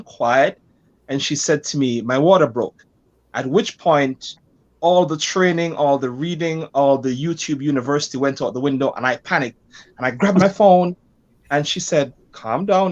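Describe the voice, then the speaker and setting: A man with a middle-pitched voice tells a story from his own life. He is an animated, self-deprecating storyteller and speaks as a pastor who is a guest in a conversation. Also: dull audio.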